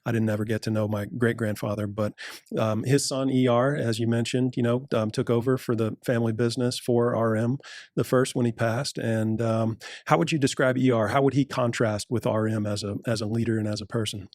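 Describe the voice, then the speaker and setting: A man's voice: medium pitch, steady tone, a little mellow, no echo, studio quality. A young man hosting an interview, friendly and affirming, asking questions in a casual conversational way. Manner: friendly, affirming, with quick agreements. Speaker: interview host.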